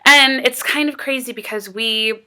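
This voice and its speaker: A woman's voice: high voice, moderate pace, pushed and bright, smooth. An American woman talking casually to her camera as a vlogger, rambling and earnest with lots of fillers. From United States.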